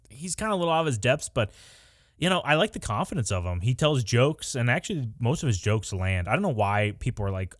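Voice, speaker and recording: A man with a lowish voice rambles through an easygoing podcast chat. He laughs and acts out little quoted exchanges along the way. The recording is close and dry. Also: no echo. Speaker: podcast co-host. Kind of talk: casual chat.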